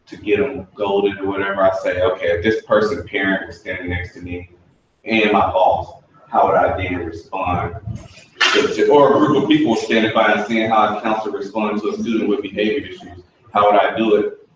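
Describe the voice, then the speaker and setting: A man's voice: sits low, little pitch movement, brisk, slight background noise. A man leading a staff training session, explaining in a conversational, anecdotal way. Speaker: workshop trainer. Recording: echoey room from a far mic, dull sound.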